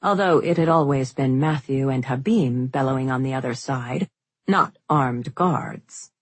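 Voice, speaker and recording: A woman narrating a fantasy novel as an audiobook, in steady, unhurried storytelling. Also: a bass voice, slightly rough, dry recording.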